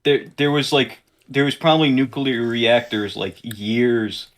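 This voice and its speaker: Young man, mid-pitched voice, dry offhand remarks, casual chat. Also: fairly even intonation, a little slow, slight background noise.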